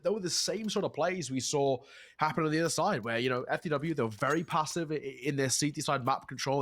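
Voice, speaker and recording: Nasal man caster with a cold. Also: on the high side. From England, born in South Africa. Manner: chatty, laughs easily, frequent restarts. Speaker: esports caster. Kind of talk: esports commentary.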